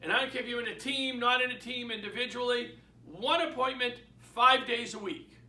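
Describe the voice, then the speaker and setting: A man's voice: extremely high pitch, fairly quick, sharp tone, far from the mic. A man with a Boston accent, a real estate mentor giving an emphatic motivational sales talk and repeating his key points. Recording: echoey room, away from the mic.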